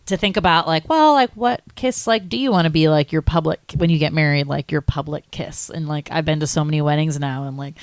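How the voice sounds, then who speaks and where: A young woman co-hosts a podcast in loose, casual chat, her speech full of "like". Her voice sits a little low. The recording is dry and close, with no room sound. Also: steady tone, quick pace, hardly any pauses, no echo. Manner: chatty, many likes, acts out quotes in high voices. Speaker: podcast co-host.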